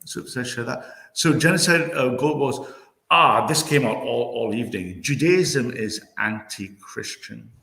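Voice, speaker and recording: A man hosting a livestream panel, arguing forcefully and peppering his points with "right?". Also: medium pitch, unhurried, gravelly, roomy sound. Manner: forceful, rhetorical, repeats "right?". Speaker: host of a political talk stream.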